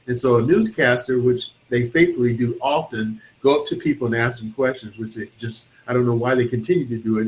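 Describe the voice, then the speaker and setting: A man chatting casually about movies on a film show, with a voice of ordinary middle pitch. He tells stories with relish and jumps into acted-out voices for the scenes he describes. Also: poor audio. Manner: animated storytelling, acting out film scenes in voices.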